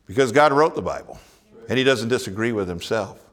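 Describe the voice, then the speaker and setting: A man's voice: on the low side, expressive, brisk, fairly bright tone. A man preaching a sermon, earnest, asking his listeners rhetorical questions and chuckling now and then. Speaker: pastor.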